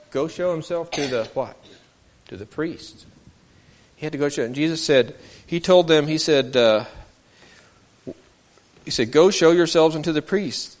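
Man telling children a Bible story. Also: fairly high pitch. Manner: asks the children questions, acts out voices in the story.

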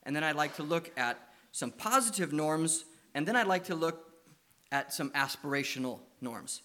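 Bright-voiced man preaching a story sermon. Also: fairly high pitch, moderate pace. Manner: lively anecdotal storytelling, coaxing questions to children. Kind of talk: sermon with stories for children.

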